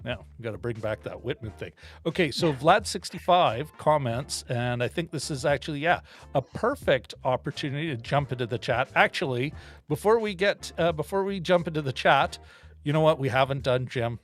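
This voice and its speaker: A man co-hosting a film-discussion podcast in casual chat, animated and often laughing as he talks. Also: a little high, moderate pace. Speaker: podcast co-host.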